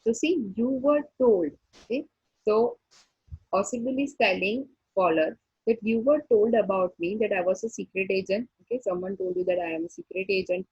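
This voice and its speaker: A woman, teaching a story and explaining each line slowly, repeating points and checking with "okay". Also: medium pitch, breathy edge, no echo, highs cut off. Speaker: English teacher. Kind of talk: classroom lesson explaining a story.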